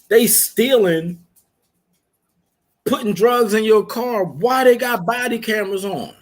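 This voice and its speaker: In a high-pitched voice at a measured pace, a podcast co-host shares stories in casual chat. His storytelling is profane, and he laughs throughout.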